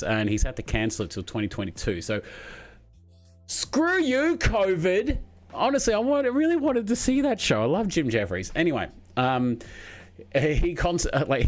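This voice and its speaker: Chatty Australian man streaming from home. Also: on the low side. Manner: rambling, chatty, laughs often. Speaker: streamer host. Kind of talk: casual live-stream chat. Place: spare room at home. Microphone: desk microphone.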